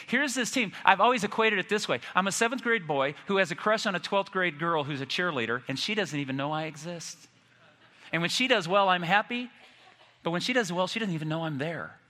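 A man's voice: sits high, expressive, brisk, pushed and bright, in a large hall. A man in his fifties preaching a sermon, telling stories with self-deprecating humor. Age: 50s. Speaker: pastor.

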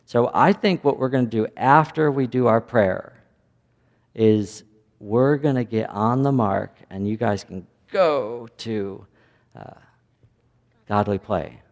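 Slow and medium-pitched with a slight mellowness, a Midwestern American man leads a lighthearted children's sermon and asks the children questions. He's in a church sanctuary, and the recording echoes like a church hall.

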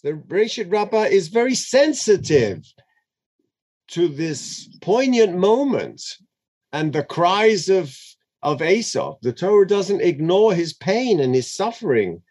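Animated man chanting and explaining scripture. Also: high-pitched, slow. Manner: chants Hebrew verses then translates, dramatic and expressive. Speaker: Torah teacher. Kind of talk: animated text study lesson.

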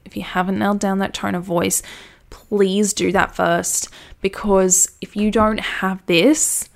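This is a woman, her voice sitting a little low. She chats enthusiastically through a casual how-to on content writing, peppering it with "like" and "you know". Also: gravelly. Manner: chatty, enthusiastic, filler-heavy. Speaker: brand copywriting coach. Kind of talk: casual how-to talk to camera.

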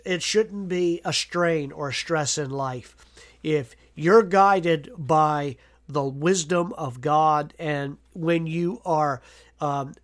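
A man preaching a devotional sermon, earnest, with frequent "uh" fillers and repeated words. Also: fairly high pitch. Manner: earnest, reads scripture aloud with emphasis.

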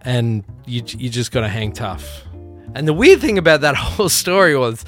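A man's voice: mid-range voice, big pitch swings, moderate pace, fairly bright tone, soft background music. A man hosting a podcast, giving a rambling, profane, earnest pep talk and telling a story. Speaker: podcast host. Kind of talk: casual pep talk and anecdote.

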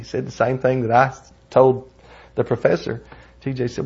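A man's voice: mid-range voice, little pitch movement, normal speed, mellow, breathy edge. A man teaching a Bible lesson in an earnest, conversational way, telling personal stories along the way. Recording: dull lo-fi recording.

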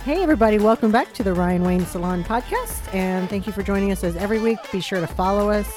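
A woman's voice: medium pitch, animated, a little mellow. Bubbly woman co-host over music. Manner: bubbly, quick to laugh. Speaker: podcast co-host. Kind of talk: casual chat.

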